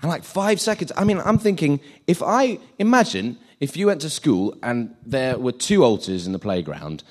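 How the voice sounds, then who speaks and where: Animated chatty male preacher. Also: medium pitch, moderate pace. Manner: animated, chatty, self-deprecating, acts out scenes. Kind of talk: informal sermon.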